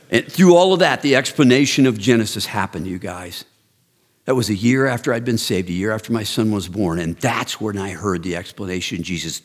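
Man in his 60s, ministry leader, earnest and direct, grows excited and emphatic. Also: fairly low pitch. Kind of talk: personal testimony talk.

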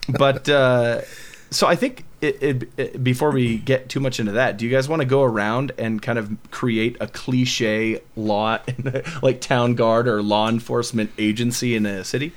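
A man chatting casually as podcast host, quick to joke and laugh. He keeps things loose and friendly between points. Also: medium pitch, fairly even intonation. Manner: joking, laughs often. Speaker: game master and podcast host. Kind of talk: casual discussion.

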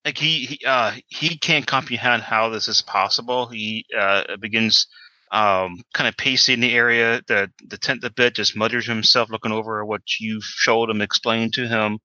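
Guy running a tabletop game, kinda hesitant, lots of ums, bright voice, muffled dry call audio. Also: fairly low pitch, steady tone, normal speed, dry recording. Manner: hesitant, many ums and restarts. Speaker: game master.

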